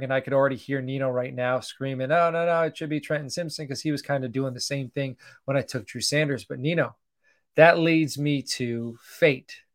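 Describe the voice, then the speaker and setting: A middle-aged man hosting a livestreamed sports show, running through picks in a chatty way and greeting viewers by name. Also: medium pitch. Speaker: podcast host doing a mock draft. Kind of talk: casual livestream commentary.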